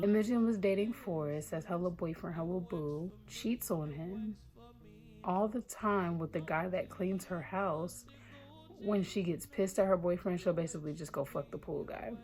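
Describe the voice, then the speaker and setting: A young woman with a somewhat low-pitched voice talks through a book's plot in a loose, chatty vlog recap. She is blunt and animated and swears freely as she reacts. Her delivery stays informal throughout. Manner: chatty, profane, animated retelling. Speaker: book reaction vlogger. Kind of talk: casual book recap.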